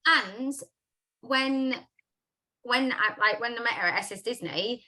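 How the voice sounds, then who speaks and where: Bright, chatty woman host. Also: on the high side, unhurried. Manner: chatty, upbeat, lots of "like" fillers. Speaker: host of a business chat. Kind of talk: casual live video chat.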